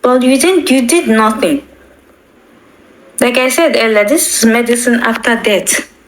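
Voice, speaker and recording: Slow halting woman. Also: a little high, slight background noise, rough recording. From Nigeria. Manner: halting, repeats words, pleading. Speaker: bereaved daughter. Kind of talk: emotional personal testimony.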